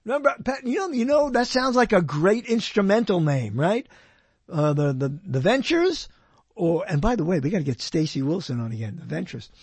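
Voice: mid-range voice, sing-song, normal speed, darkish tone, slightly rough, no echo. A solo host talking into a microphone in a digressive, jokey monologue, reading out quotes and wandering off topic. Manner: digressive, jokey, talks to self, hums and laughs. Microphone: close microphone.

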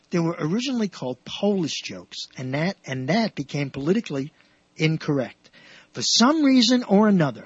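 A man hosting a radio show, telling jokes in a rambling way with many restarts and animated punchlines. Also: a little high, slightly rough, no room sound, dull audio.

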